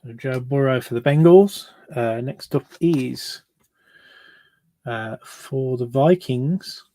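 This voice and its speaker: A man's voice: medium pitch, slow pace, warm tone. A man hosting a card break, chatting casually with many fillers and restarts.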